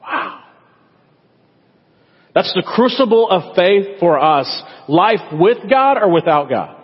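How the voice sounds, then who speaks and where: Male pastor, chatty sermon delivery, slightly raised pitch, dull lo-fi room sound with reverb. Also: very animated, takes it slowly, husky. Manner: conversational, acts out prayers in quoted voices. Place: church sanctuary. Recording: echoey hall, dull lo-fi sound.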